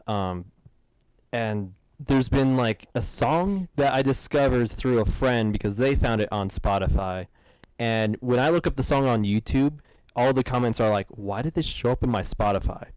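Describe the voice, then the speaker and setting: A man chatting as a guest on a podcast, talkative and quick to laugh. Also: mid-range voice, a little mellow, clear, resonant tone, no echo, poor audio. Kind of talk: casual podcast chat.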